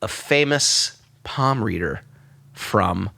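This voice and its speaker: Animated New storyteller man. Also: on the low side, slow, vocal fry. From New York. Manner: animated storyteller who acts out voices. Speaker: podcast guest. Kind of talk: storytelling in conversation.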